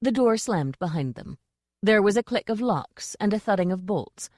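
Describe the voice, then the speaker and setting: A woman narrating an audiobook in a measured, dry storytelling manner. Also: mid-range voice, animated, darkish tone, dry recording.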